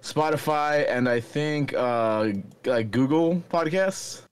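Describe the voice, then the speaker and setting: A young man guesting on a casual comedy podcast, offhand and a bit mumbly as he pitches jokes. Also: takes it slowly, a crowd in the background.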